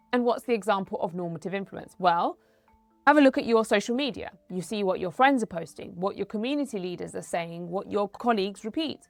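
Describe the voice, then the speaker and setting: A woman's voice: medium pitch, creaky, no echo. A woman in her thirties, a doctor hosting an educational talk, explaining in a conversational way with personal anecdotes. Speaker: doctor and host.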